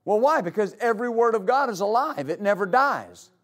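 High-pitched guy preaching to a church crowd, punchy, says things over and over. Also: expressive, a little fast, a bit bright. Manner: emphatic preaching, repeating key phrases. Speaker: pastor. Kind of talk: sermon. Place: church service before a congregation.

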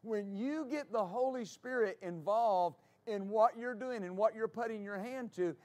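A middle-aged male pastor preaching a sermon, moving from calm scripture teaching to loud, fervent exclamations. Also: high voice.

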